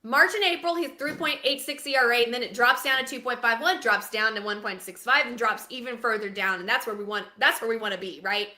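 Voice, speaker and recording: A woman co-hosting a casual sports podcast, talking in a dramatic, animated, self-mocking way. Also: on the high side, a little fast, hardly any pauses, roomy sound. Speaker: podcast co-host.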